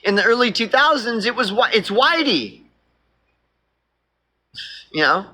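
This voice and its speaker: A man's voice: high-pitched, sing-song, a little slow, bright, forceful tone. A man with an Oklahoma accent, rambling through a profane, casual political monologue.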